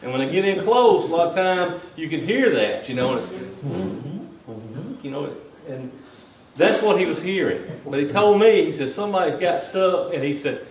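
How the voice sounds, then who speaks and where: A man's voice: sits high, lively intonation, fairly quick, few pauses. A man with a Southern US accent giving a folksy, joking talk to landowners as a wildlife biologist, tagging his lines with "okay?". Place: meeting hall. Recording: echoey hall from some distance.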